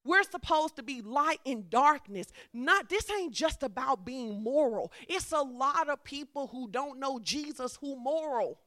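A woman preacher, speaking in a fairly high voice. She moves between chatty asides and fervent, emphatic exhortation. The sound is dry and close, with little room echo. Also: expressive, measured pace, few pauses, bright, forceful tone. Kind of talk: sermon.

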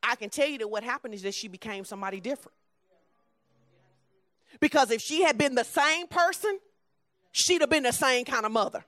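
A woman preaching a conversational sermon, blunt and emphatic, at times dropping soft and low. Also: a little fast, long pauses, no echo.

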